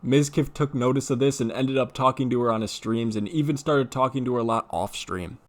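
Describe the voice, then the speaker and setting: A man narrating a video essay in a steady, matter-of-fact storytelling manner. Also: mid-range voice, brisk.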